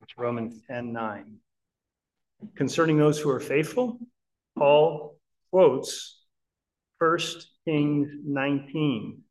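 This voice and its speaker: A man's voice: a little high, slow pace, pauses often, darkish tone, poor audio. A man preaching a Bible-teaching sermon in an earnest, emphatic way, often checking in with listeners.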